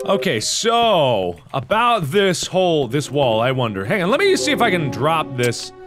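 A young man hosting a let's-play of a horror game, talking to himself and the viewers and bursting into loud, sweary outbursts and screams. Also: fairly high pitch, wildly swooping pitch, moderate pace. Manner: talks to himself and the viewers while playing. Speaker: gaming video host. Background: game music.

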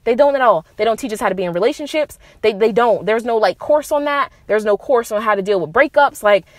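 A woman's voice: fairly high pitch, fast talker, dry recording, clean studio sound. Blunt, profane woman podcaster. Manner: blunt and profane, emphatic, animated rises on key points. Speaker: podcast host. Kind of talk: casual monologue giving relationship advice.

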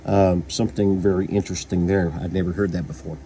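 Kentucky guy with a lowish voice chatting about a book, lots of ums, faint hum behind. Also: steady tone, quick pace, warm tone. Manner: rambling, many fillers and restarts. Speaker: book reviewer. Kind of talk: casual book review.

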